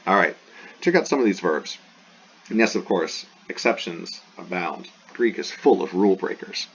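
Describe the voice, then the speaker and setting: A man with a very low voice gives a recorded lesson and sounds enthusiastic about the subject. He says key terms slowly and repeats them. The recording is dull and lo-fi, with a faint hiss behind him. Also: expressive. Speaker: Greek teacher.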